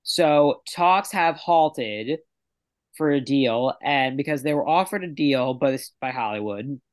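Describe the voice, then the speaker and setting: A man's voice: medium pitch, animated, measured pace. A man co-hosting a casual podcast, ranting in an exasperated way. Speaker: podcast co-host.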